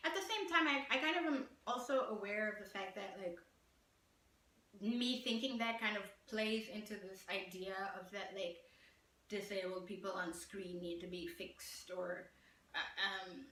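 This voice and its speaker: Casting: woman from southern Africa, chatty frank reviewer, bright tone, echoey room. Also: mid-range voice, moderate pace, recorded from a distance. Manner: chatty, frank, with many "like" and "um" fillers. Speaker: film reviewer. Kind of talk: casual spoken film review.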